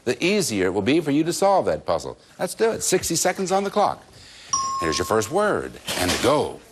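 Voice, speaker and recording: Lively 1980s game show host. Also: male voice, mid-range voice, slightly rough. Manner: upbeat, chatty, explains rules briskly. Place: TV studio with live audience. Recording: noisy 1980s TV studio tape, audience.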